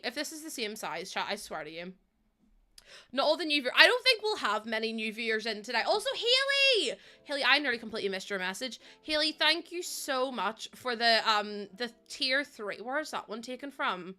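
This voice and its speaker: A woman live-streaming a building game, chatting to her viewers and often exclaiming and laughing. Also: on the high side. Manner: animated, exclaims and laughs often, talks to chat.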